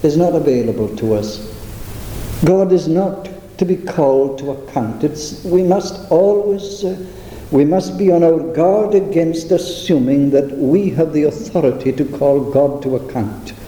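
Deliberate preacher man in an echoey hall. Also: on the high side, mellow. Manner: measured, deliberate, with emphatic slowed phrases. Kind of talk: sermon.

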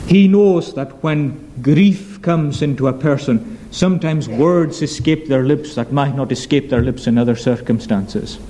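A man preaches a sermon in an earnest, emphatic way, leaning on key phrases and slowing down on them. His voice sits a little high, but its tone is dark and mellow. Faint noise hums behind him.

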